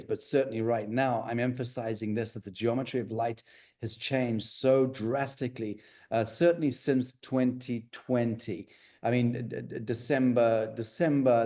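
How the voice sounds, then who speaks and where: Man, interview guest, mellow tone, rambling, restarts and fillers. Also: medium pitch. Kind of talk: conversational interview.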